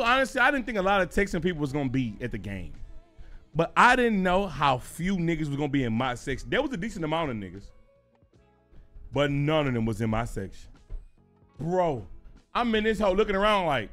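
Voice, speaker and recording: Excitable high-voiced man telling stories. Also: normal speed, long pauses, soft background music. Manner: animated, profane, excitable storytelling. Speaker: streamer. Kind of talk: casual livestream story time.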